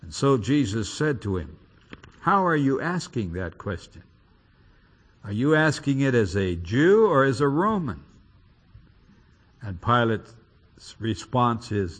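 A man's voice: medium pitch, slow pace, husky. A man preaching an expository sermon, reading and explaining scripture with emphatic, dramatic delivery. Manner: lively, emphatic Bible reading with dramatic quotes.

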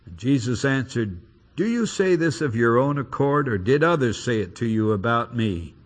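At normal speed and medium pitch, a preacher works through a Bible passage in an expository sermon. His reading is lively and emphatic, with dramatically delivered quotes.

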